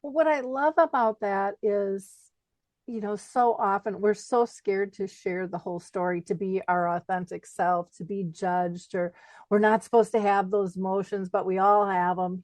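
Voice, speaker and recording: A middle-aged woman hosting a podcast interview, talking in a casual, expressive way and laughing easily. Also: medium pitch, moderate pace, dry recording. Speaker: podcast host.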